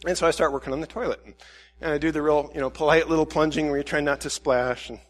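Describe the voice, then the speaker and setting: A man preaching a sermon as a pastor, telling a self-deprecating everyday anecdote in an animated way, with frequent restarts. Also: a little high, fast, in a large hall. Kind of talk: storytelling sermon.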